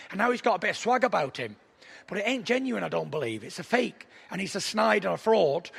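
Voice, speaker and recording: A young adult man, a boxer trash-talking at a press conference, boastful and taunting, with a gravelly voice. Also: sits high, a bit bright. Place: large packed press conference hall. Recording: echoey large hall.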